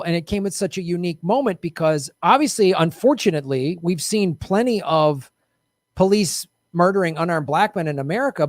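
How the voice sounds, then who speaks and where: A man hosting a casual political talk show, talking in an animated, indignant way and mocking people in quoted voices. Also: fairly high pitch, no echo, clean studio sound. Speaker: podcast host.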